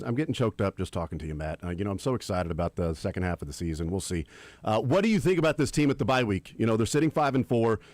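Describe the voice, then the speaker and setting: A man's voice: fairly low pitch, a little mellow, no room sound. A man hosting a sports talk radio show, asking long, rambling multi-part questions of a guest.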